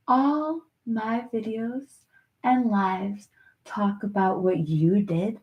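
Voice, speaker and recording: A woman vlogger in an emotional direct-to-camera monologue, talking straight to an absent person, halting and repeating herself. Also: fairly high pitch, a little mellow, reverberant.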